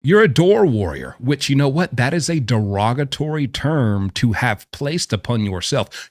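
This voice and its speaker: A man's voice: mid-range voice, no echo, clean studio sound. A man giving opinionated reaction commentary with a blunt, mocking manner, speaking as someone who says he knows prison life firsthand.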